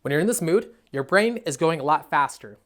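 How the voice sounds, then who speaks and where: A man's voice: on the high side, expressive, brisk. A young man, a dating coach, giving a blunt, profane, emphatic motivational monologue. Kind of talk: motivational self-help monologue.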